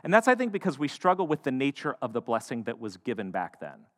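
A man giving a sermon in a large hall, telling the story with playful asides and a lively, rising-and-falling voice. His mid-range tone is clear. A long reverb trails each phrase. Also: mid-range voice, quick pace. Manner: animated, joking storyteller. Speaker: preacher. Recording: echoey hall.

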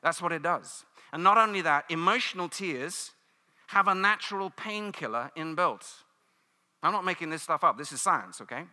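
A British man delivers a sermon, storytelling with playful asides. His voice is bright and sharp, sits a little high for a man, and swings widely in pitch. The long reverb of a church hall trails after his words. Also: normal speed. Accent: British English. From United Kingdom. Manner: animated storytelling, mimics cheering crowds. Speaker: preacher.

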